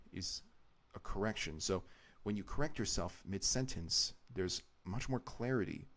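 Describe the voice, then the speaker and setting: A man live-streaming his video editing, talking through his choices in a rambling, explanatory way and often restarting his sentences. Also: on the low side.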